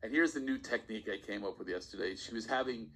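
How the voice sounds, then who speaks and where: A man, a stand-up comedian, telling stories on a podcast in a casual, animated way and often laughing as he talks. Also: fairly low pitch, fast, a little hiss or hum, poor audio. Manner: animated storyteller, laughs while talking. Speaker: guest comedian.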